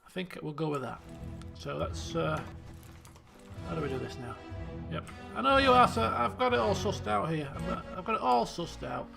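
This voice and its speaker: A man's voice: a little high, expressive, normal speed, gravelly, over music. A man streaming a detective game, thinking aloud and muttering to himself as he works through clues. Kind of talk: let's play commentary.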